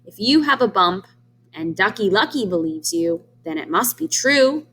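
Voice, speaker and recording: A woman's voice: mid-range voice, sing-song, normal speed, pushed and bright, slightly rough, exaggerated voice. A woman voicing a gullible male turkey in a storybook, who reasons his way into believing in an earnest tone. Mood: convinced.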